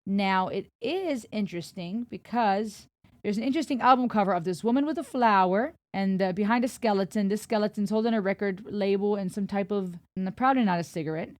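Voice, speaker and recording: A woman's voice: medium pitch, fairly quick, no room sound. Chatty young woman, dry close sound. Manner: chatty, thinks aloud with musing asides. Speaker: reaction video host. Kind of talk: casual reaction chat.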